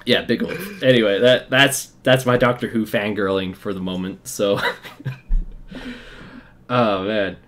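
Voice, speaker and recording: A young man from Utah hosting a casual podcast, telling excited fan stories with quick asides and laughs. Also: fairly low pitch, a little hiss or hum. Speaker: podcast host. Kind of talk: casual chat.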